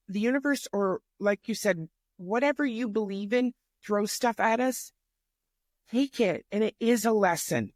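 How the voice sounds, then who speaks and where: A woman in her fifties telling a personal story as a podcast guest, chatty and animated, often restarting her sentences. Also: mid-range voice, dry recording, clean studio sound. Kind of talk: casual storytelling conversation.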